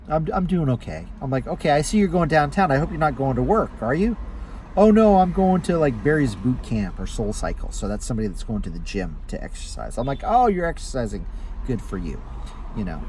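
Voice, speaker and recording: A man who drives for a ride-hail service, telling stories to camera in a casual way and jumping into higher voices when he acts out his passengers. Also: lively intonation, brisk, darkish tone, a little hiss or hum, low-quality recording. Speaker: rideshare driver and vlogger. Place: inside a car.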